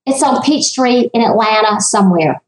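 A woman, telling stories with animated emphasis as an interview guest. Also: on the high side, moderate pace, reverberant, rough recording. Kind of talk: casual interview chat.

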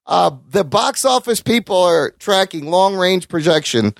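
Male podcast co-host, lively and profane, slightly higher voice, dry close mic. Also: unhurried, vocal fry, dry recording. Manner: animated, profane banter, reads listener comments. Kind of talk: casual chat.

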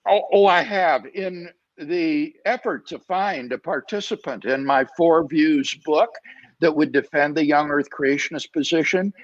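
A man being interviewed as a guest author over a video call, answering in a measured, deliberate way with frequent "uh" fillers. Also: a little high, no room sound. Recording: dull, dry video-call audio.

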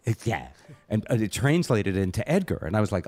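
A low-voiced man hosting a loose podcast conversation, telling a rambling, self-mocking story. His delivery rises and falls a lot, and the sound is dry and close. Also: sing-song, a little fast, a little mellow, no echo. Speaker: host. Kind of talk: casual storytelling chat.

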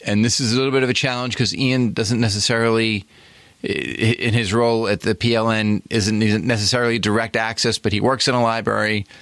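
A man's voice: fairly low pitch, fairly even intonation, fairly quick, fairly bright tone, dry recording. A man with a New York accent, hosting a podcast interview and speaking with effusive enthusiasm. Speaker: podcast host.

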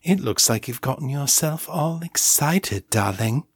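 A man's voice: medium pitch, expressive, a little slow, husky, no room sound, clean studio sound, voice pushed up. A man doing a posh, teasing woman's purr. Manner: purring upper-class drawl.

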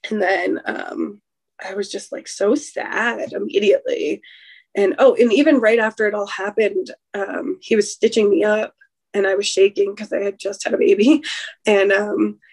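A woman's voice: medium pitch, normal speed, darkish tone, slightly rough. A young adult woman telling a personal birth story in an interview, rambling and restarting, full of fillers and emotion. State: emotional, recounting trauma. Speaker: guest sharing a birth story.

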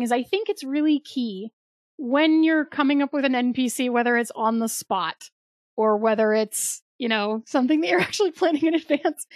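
A woman's voice: high-pitched, dry recording, studio quality. A young woman co-hosting a podcast, chatting casually with lots of likes and rights and easy laughs. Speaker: podcast co-host. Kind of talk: casual chat.

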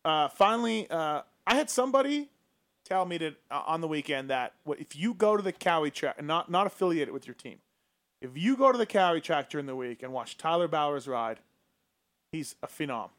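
A man with a slightly high voice hosts a casual podcast, running through the latest news in a quick, chatty way. He moves fast from point to point and stops to give shout-outs. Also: expressive. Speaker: podcast host. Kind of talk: casual chat about motocross racing.

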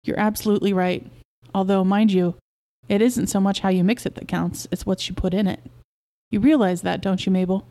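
A woman voicing an excitable, proud middle-aged beekeeper husband who coaxes and insists, in a storybook reading. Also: medium pitch, brisk, lightly acted. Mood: coaxing.

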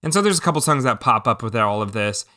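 A man in a casual podcast chat about movies, his voice bright and forward with a smooth, clean tone. He talks eagerly, piling up ums and restarting his sentences as he goes. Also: mid-range voice, expressive, quick pace. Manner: enthusiastic, with frequent ums and restarts. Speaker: podcast co-host.

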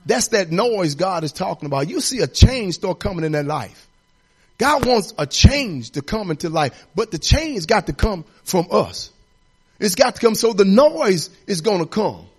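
A middle-aged man, an assistant pastor preaching a sermon that rises into declarations and drops to quiet storytelling. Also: high voice, husky.

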